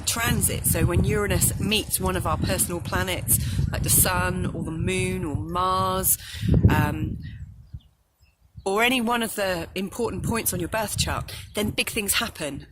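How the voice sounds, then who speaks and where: A woman astrologer hosting a casual solo talk outdoors in nature. She is chatty and apologetic and often pauses on "um". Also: fairly low pitch, very noisy. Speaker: astrologer host.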